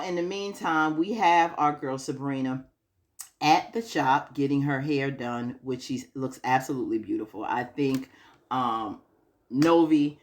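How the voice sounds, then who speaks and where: A woman chatting casually through a TV episode recap, acting out the characters' lines with frequent laughs. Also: extremely low pitch. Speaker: TV recap vlogger.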